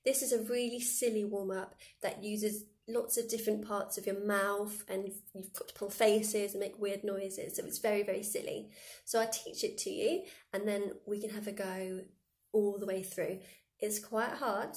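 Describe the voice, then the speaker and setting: A woman music teacher leading children through a silly vocal warm-up, demonstrating buzzing, lip rolls and odd noises as she explains each step. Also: medium pitch, level tone, normal speed. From England. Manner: playful, demonstrates silly noises and sound effects.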